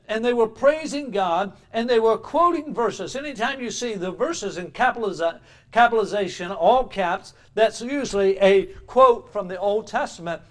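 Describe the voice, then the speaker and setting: A man preaching a sermon, reading archaic scripture passages and explaining them with emphatic, rising delivery. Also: high voice.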